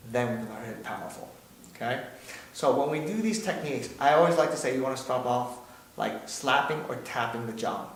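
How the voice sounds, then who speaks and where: A man's voice: mid-range voice, a bit bright. A man instructing a martial arts drill, patient and explaining step by step, checking in with frequent questions. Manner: patient, repeats "okay?" often. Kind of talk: demonstration lesson. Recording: echoey room, distant from mic, noisy.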